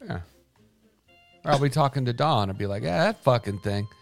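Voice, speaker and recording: A man's voice: mid-range voice, lively intonation, normal speed, gravelly, soft background music. A man co-hosting a casual morning show, laid-back, drifting into mock quotes as he talks. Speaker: co-host.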